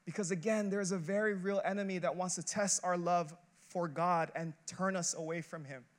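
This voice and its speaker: An associate pastor with a notably high voice preaches a sermon at a moderate pace and in a steady tone. His style is conversational yet emphatic, full of rhetorical questions and short phrases repeated one after another.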